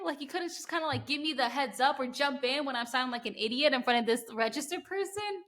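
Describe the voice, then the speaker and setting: A young woman from New Jersey with a New Jersey accent, hosting a podcast and telling stories in an animated way, full of "like"s and quick laughing asides. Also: high voice. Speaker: podcast host. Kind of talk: casual interview chat.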